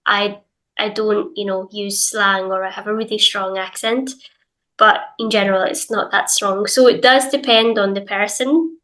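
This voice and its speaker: A woman's voice: medium pitch, fairly even intonation, normal speed, fairly bright tone, low-quality recording. A young Scottish woman with a light Glaswegian accent, an English teacher chatting casually as an interview guest with lots of hedges and fillers. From Scotland, Glasgow.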